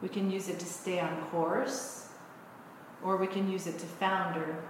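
A woman minister preaches slowly and without hurry, telling a story and then teaching from it. Her voice rings through a big, echoey church sanctuary with a long reverb tail and faint room noise. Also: on the low side, level tone. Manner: storytelling, unhurried. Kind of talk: sermon. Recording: echoey hall.

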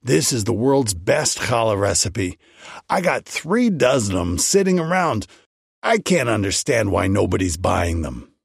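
A man's voice: fairly low pitch, sing-song, measured pace, vocal fry, slightly rough, no echo, clean studio sound, exaggerated voice. A man voicing a chatty male baker who is eager to please.

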